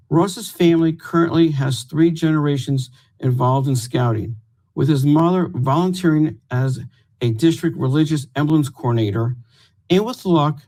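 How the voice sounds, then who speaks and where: A man's voice: medium pitch, a little mellow, low-quality recording. Man reading a formal award citation. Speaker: award presenter. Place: home room, virtual event.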